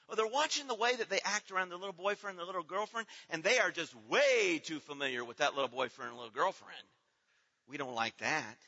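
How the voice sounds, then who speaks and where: A middle-aged man preaching a sermon as pastor, earnest, moving between hushed, slow passages and loud, pleading ones. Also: high-pitched. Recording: dull sound with long hall reverb.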